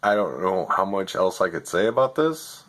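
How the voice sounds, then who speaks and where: A man telling a rant about customer service, exasperated and profane, swinging between loud outbursts and muttering. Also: low-pitched, sing-song, moderate pace. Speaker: vlogger. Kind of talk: ranting storytelling.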